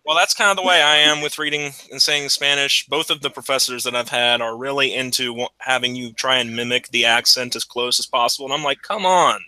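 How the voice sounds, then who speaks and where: Bright, dry-sounding man chatting. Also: mid-range voice, little pitch movement, no room sound, rough recording. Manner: halting, repeats words, laughs. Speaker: college student guest. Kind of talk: casual chat.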